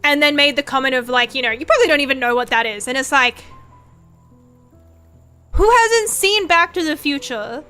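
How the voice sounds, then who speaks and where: This young woman, a vtuber, streams with a high voice at a moderate pace, pausing often as soft music plays behind her. Her talk is casual and sweary, wandering through stories told with animation.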